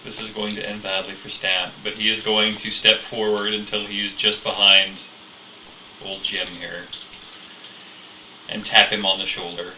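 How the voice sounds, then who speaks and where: A man's voice: lowish voice, little pitch movement, measured pace, bright, forceful tone, a little hiss or hum. A man playing a tabletop game, stating his character's actions step by step. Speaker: player. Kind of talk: tabletop role-play. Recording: roomy, distant, lo-fi.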